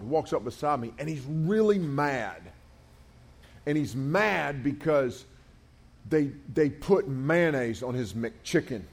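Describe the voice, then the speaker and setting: A middle-aged man, a camp speaker giving a youth sermon and telling stories with acted-out voices. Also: medium pitch. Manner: animated storytelling, acts out voices.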